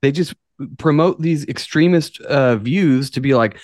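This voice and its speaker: A man's voice: a little high, a little slow, a little mellow, no room sound, clean studio sound. A man co-hosting a podcast, talking emphatically and profanely in casual chat. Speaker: podcast co-host.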